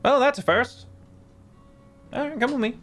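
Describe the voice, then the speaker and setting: A man's voice: very high voice, normal speed, a bit bright, faint music behind, pitched above the performer's own voice. A man voicing a curt male halfling safe keeper in a tabletop game.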